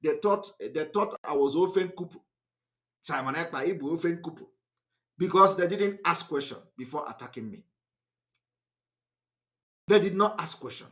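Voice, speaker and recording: This activist broadcaster, who has a Nigerian accent, goes live online in a high, bright, sing-song voice that swings widely in pitch. Speaking at normal speed with long pauses, he stays emphatic and defiant, driving points home by repetition.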